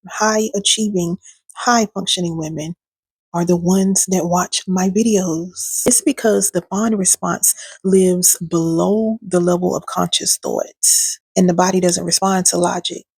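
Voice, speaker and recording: Woman coach, husky gravelly voice, dry close sound, sassy preachy teaching. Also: on the low side, steady tone, unhurried, dry recording. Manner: warm preachy coaching with pet names and sass. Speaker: healing coach and video host. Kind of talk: direct-to-camera teaching talk.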